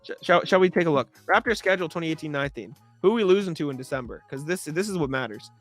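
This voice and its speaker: A man's voice: a little high, expressive, very fast, faint music behind. A young man co-hosting a live sports talk show, ranting in a sarcastic, exasperated way and swearing. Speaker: podcast co-host.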